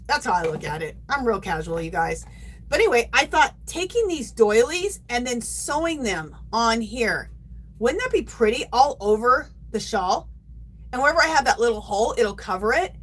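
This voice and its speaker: A woman's voice: a little high, fairly bright tone, husky, low-quality recording. A middle-aged woman hosting a yarn craft livestream, gushing and chatting casually to her viewers.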